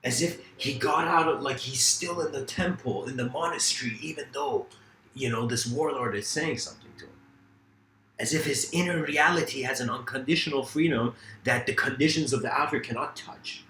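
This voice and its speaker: A man's voice: mid-range voice, moderate pace, bright, forceful tone. Male lecturer, loose and rambling, fillers galore; roomy room with faint hum. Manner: loose, rambling, many fillers, laughs at own story. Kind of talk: casual philosophical lecture with storytelling.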